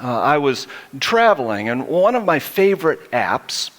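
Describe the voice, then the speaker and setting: A man's voice: a little high, big pitch swings, unhurried, fairly bright tone. A middle-aged male pastor preaching a sermon, telling stories and acting out the quotes he reads.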